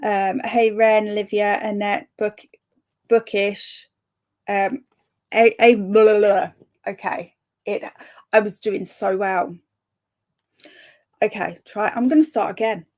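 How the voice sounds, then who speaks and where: A woman's voice: medium pitch, steady tone, takes it slowly, long pauses, a little mellow. A young woman hosting a live reading stream, chatting casually and reading out viewers' comments, bubbly, laughing often and tripping over her words now and then. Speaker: livestream host of reading sprints.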